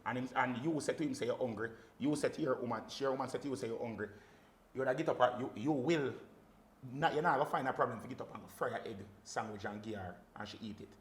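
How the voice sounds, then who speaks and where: Fast-talking Jamaican man, emphatic. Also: medium pitch, reverberant, slight background noise. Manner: emphatic, animated storytelling with patois. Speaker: guest, sound system selector. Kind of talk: casual podcast conversation.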